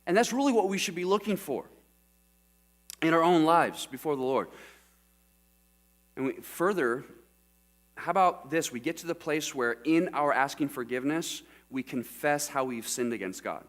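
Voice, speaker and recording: With a higher voice and lively intonation, a middle-aged pastor preaches at a moderate pace, leaving long pauses and regularly questioning the congregation. The recording of the sermon has mains hum.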